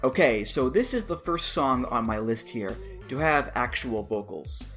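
Animated male podcast host. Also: medium pitch, measured pace, faint music behind. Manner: animated, playful, jokey asides. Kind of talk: casual solo podcast commentary.

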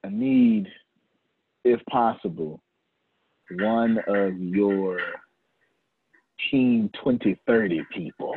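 A man with a lowish, husky voice leads a casual business meeting, laughing and repeating himself as he hands out tasks. The sound is dry and thin, like a phone or conference line. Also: big pitch swings, extremely slow, pauses often, dry recording, narrow, tinny audio. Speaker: host leading a team meeting.

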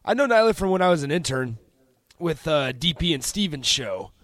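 A man's voice: on the high side, sing-song, normal speed, fairly bright tone, no room sound. Good-natured young male co-host. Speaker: radio co-host. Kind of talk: casual radio banter.

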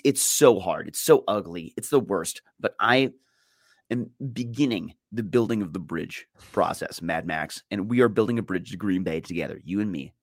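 A man co-hosting a sports betting podcast in casual chat, excitable and self-mocking, often repeating his first words. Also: low-pitched, no room sound, clean studio sound.

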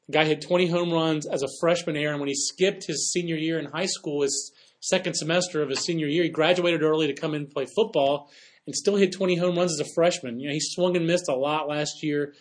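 A man co-hosting a baseball podcast, talking in a quick, chatty way with joking asides. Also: on the high side, fairly even intonation. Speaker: podcast co-host. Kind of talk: casual sports talk.

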